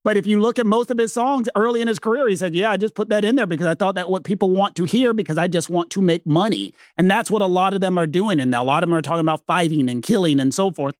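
A man with a Southern American accent explains legal ideas in a casual talk-show conversation, leaning hard on key words and stretching them out for emphasis. His voice sits a little high for a man. The recording is close and dry, with almost no room sound. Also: dry recording. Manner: emphatic, slows down to stress key points. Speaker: legal podcast co-host.

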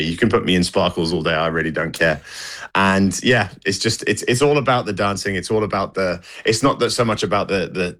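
A man's voice: deep voice, a bit bright. A man talking casually as a guest on a radio show, chatty and full of "you know" and restarts. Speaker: guest dancer. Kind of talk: casual radio interview chat.

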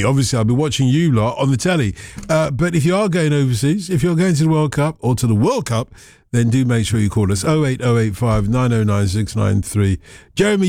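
A man hosting a radio phone-in show, excitable and bantering with his callers. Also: mid-range voice, no room sound, clean studio sound. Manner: excitable, bantering, exclaims often. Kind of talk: lively radio chat with callers. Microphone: studio microphone.

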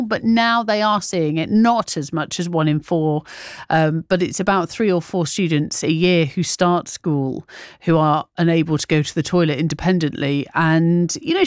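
A woman's voice: fairly low pitch, no room sound. A woman presenting breakfast radio in a studio, chatty and rambling, laughing through her own stories. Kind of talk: casual live radio chat. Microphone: studio microphone.

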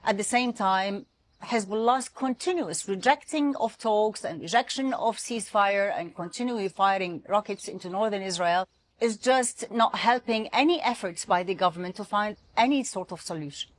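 A woman's voice: medium pitch, moderate pace, slight background noise. Woman correspondent reporting down a remote line. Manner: steady, explanatory, fluent reporting. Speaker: foreign correspondent. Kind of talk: news interview answers. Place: remote link.

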